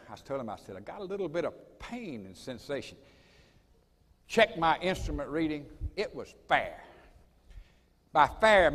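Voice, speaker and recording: A man leads a school assembly in a folksy, dramatic manner. His voice sits a little high and moves up and down a lot. The long reverb of a large hall trails after every phrase. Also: fairly bright tone. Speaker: college president. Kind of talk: assembly speech with personal storytelling.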